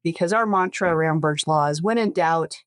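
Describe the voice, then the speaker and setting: A woman's voice: low voice, moderate pace, no room sound, clean studio sound. Chatty woman host, rambling and jokey. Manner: rambling, self-correcting, jokey. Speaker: podcast host, estate lawyer. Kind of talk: casual podcast chat.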